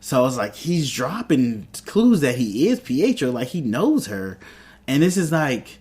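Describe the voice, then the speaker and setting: A man hosts a casual TV review, talking in an easy mid-pitched voice. He retells each scene by acting out the characters' lines. His talk is loose and chatty, full of fillers and restarts. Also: sing-song, a little slow, a little mellow, slightly rough. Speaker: show host reviewing a TV episode. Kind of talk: casual recap and commentary.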